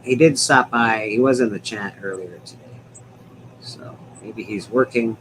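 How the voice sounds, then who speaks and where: Laid-back lower-voiced guy hosting a stream. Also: a little slow, background noise. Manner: rambling, laughs often, swears casually. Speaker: livestream host. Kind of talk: casual chat. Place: at home.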